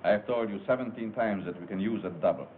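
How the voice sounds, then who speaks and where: A man's voice: fairly low pitch, fast, lightly acted. An actor playing a studio executive who patiently talks others into his plan. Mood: persuasive. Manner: placating, persuasive. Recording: tinny old film soundtrack with hiss.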